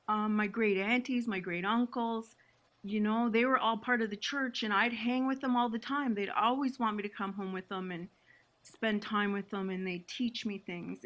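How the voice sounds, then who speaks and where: A woman's voice: on the high side, a bit bright. A woman from Six Nations, Canada, a podcast guest telling her family story in an emotional, reflective way. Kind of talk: podcast conversation.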